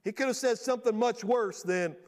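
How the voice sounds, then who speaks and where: A man preaching a sermon from a church stage in a lively storytelling way, often acting out the voices of the people he quotes. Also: extremely high pitch, brisk. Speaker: pastor. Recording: long reverb of a large hall.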